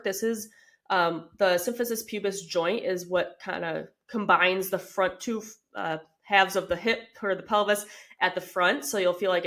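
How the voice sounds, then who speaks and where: A woman's voice: medium pitch, a bit bright. A woman in her thirties hosting a podcast, explaining things in a casual, chatty way with many "like" and "um" fillers. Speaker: podcast host, fitness coach.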